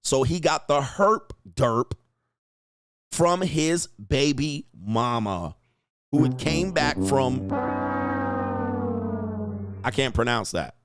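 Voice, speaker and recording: A man hosting a live stream, reading chat comments aloud and answering in brash, profane rants that climb loud and high, with bursts of laughter. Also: expressive, slow, pauses often. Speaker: online talk show host reading chat.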